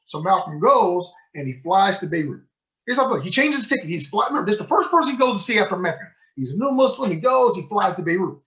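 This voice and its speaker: This man has a high voice and talks fast as he addresses a book club in the role of a sheikh. He tells the story with energy and acts out the quoted speech in what amounts to a storytelling lecture, recorded muffled and lo-fi.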